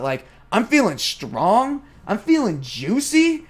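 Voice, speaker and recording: Chatty high-voiced young man vlogging. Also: normal speed, hardly any pauses. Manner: chatty, animated, acts out his own past remarks. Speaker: gymnast vlogger answering viewer questions. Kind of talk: casual vlog commentary over training footage.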